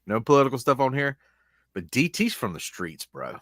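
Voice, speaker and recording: Male podcast co-host, joking, says "bro" a lot, swings pitch a lot, dry close sound. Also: sing-song, normal speed, no echo. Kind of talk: casual podcast chat.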